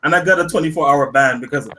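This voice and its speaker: Emphatic husky man ranting on a podcast. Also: fairly high pitch, racing, sharp tone, poor audio. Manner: emphatic, profane, repeats himself for emphasis. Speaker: podcast host. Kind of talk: casual gaming podcast rant.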